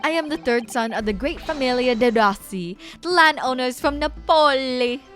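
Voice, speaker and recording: A woman's voice: high voice, expressive, moderate pace, a bit bright, faint music behind. Woman doing a showy Italian noble swindler. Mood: boastful. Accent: put-on Italian. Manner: showy, theatrical. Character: boastful young Italian noble swindler, man. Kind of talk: reading game dialogue aloud.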